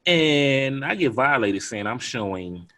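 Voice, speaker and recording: A man, co-hosting a podcast in animated, laughing casual chat. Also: mid-range voice, slow. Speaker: podcast co-host.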